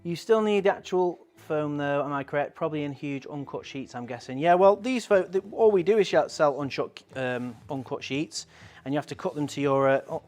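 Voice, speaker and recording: A man's voice: a little high, normal speed, darkish tone. A man hosting a casual live stream, chatting in a rambling way and reading out viewer comments.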